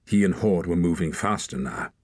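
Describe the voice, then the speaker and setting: A man narrating an adventure story in a steady, measured audiobook reading. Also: sits low, no echo.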